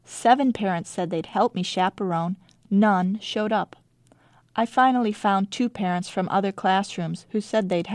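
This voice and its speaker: A woman reads from her classroom diary with a dry, wry delivery. Her voice sits mid-pitch and the sound is close and dead, with no room around it. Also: darkish tone, no echo. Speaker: teacher. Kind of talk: reading diary entries aloud.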